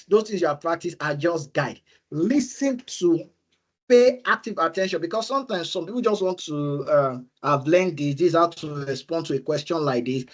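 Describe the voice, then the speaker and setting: A man speaking on a webinar, giving career advice in an earnest, repetitive way, often pleading "please" and checking "you understand?". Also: a little high.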